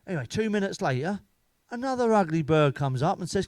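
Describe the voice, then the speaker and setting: A man's voice: high voice, very animated, a little fast, a little mellow, no room sound. A middle-aged man telling crude, bawdy comic stories as a comedian. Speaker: stand-up comedian. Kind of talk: comic storytelling.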